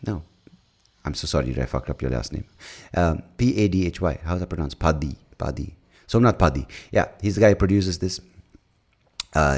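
A man's voice: very deep voice, a little mellow. A man with an Indian English accent, hosting a podcast and ranting in a rambling, profane, casual way, often correcting himself. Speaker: comedian podcast host. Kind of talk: casual rant.

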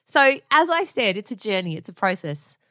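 A woman co-hosting a podcast in casual, playful banter. She sounds excitable and bubbly, and her pitch leaps up and down as she talks. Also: normal speed. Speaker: podcast co-host.

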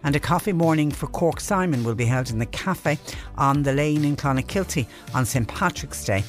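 A man's voice: fairly high pitch, animated, moderate pace, soft background music. A man with an Irish accent hosting a local radio phone-in, chatting through listener texts and reading community notices. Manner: conversational, reads texts and notices aloud. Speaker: radio host. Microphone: studio microphone.

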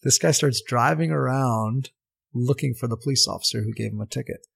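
A man in his forties with a gravelly, husky voice, recounting stories as a guest in a relaxed interview. He talks with lots of fillers and restarts and grows animated as the story builds. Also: mid-range voice, fairly quick. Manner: animated anecdotes, frequent fillers and repeats. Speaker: former pro footballer, guest.

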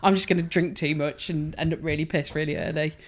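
A woman's voice: low-pitched, steady tone, quick pace. A woman, co-hosting a casual podcast chat among friends, talking in a chatty, informal way. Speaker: podcast co-host.

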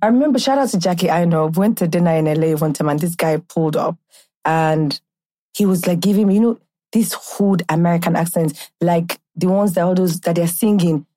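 A woman podcaster with a Nigerian accent in casual chat, telling animated stories full of slang and laughter. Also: fairly low pitch, fairly quick. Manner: lively storyteller, slangy, laughs often.

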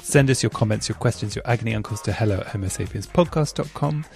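A man's voice: lowish voice, fast, vocal fry, a little mellow, faint music behind. A man hosting a podcast, chatting and gushing enthusiastically while reading out listener messages. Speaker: podcast host.

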